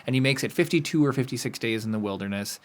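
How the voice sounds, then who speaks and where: A man co-hosting a podcast in casual chat, jokey and animated, often laughing. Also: medium pitch, fast talker. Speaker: podcast co-host.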